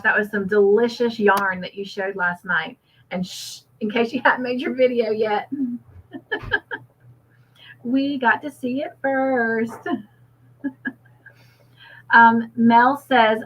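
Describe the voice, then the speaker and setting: A woman hosting a casual livestream, reading out viewer comments and chatting back with frequent laughs. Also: fairly high pitch. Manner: chatty, warm toward viewers, laughs often. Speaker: host. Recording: slightly dull lo-fi audio.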